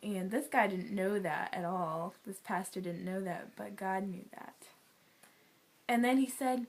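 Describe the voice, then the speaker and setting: A young adult woman giving an earnest, emotional personal faith testimony, often sighing and dropping to a soft near-whisper. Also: medium pitch, measured pace. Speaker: guest sharing a testimony.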